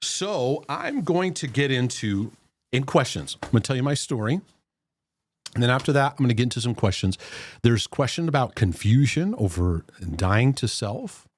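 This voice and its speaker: A man's voice: medium pitch, expressive, normal speed, a little hiss or hum. A man hosting a Christian mental health livestream, chatting casually and reading out viewer comments, laughing easily between them. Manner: chatty, laughs easily, many fillers and restarts.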